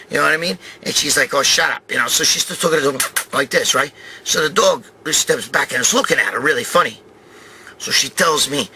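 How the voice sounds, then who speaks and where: A man in his sixties telling a profane comic story about a traffic stop, acting out the other people with animated voices. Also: a little high, brisk. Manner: animated, swearing, acts out quoted voices. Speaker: host. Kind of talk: profane comedic storytelling rant.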